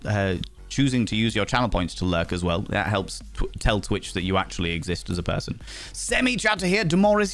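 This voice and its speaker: Playful man streaming. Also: mid-range voice. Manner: playful, theatrical, laughs often. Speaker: game streamer. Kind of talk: casual live-stream chat.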